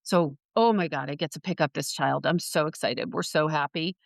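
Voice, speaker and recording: A woman guest on a podcast, telling a personal story with lively acted-out quotes. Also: low-pitched, moderate pace, vocal fry, no room sound. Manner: animated storyteller who acts out quoted voices.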